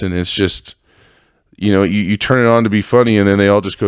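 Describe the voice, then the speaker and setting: A man in a heated podcast rant, swearing freely and hammering the same phrases again and again. His voice sits on the low side, and the recording is dry and close. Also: steady tone, a little fast, clean tone, no room sound. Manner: heated, profane, repetitive ranting. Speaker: podcast host. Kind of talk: ranting podcast monologue.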